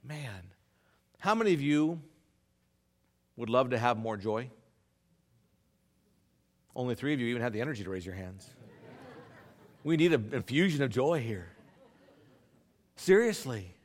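Lively, animated man preaching a sermon. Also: mid-range voice, a little slow, pauses often. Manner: animated preaching with sudden loud and soft swings. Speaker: pastor. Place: church sanctuary with congregation.

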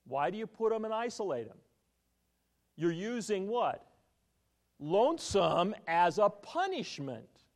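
A man's voice: high voice, slow pace, pauses often. A man preaching a sermon as a pastor, telling stories and quizzing his congregation with questions. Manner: animated storytelling, quizzing the congregation.

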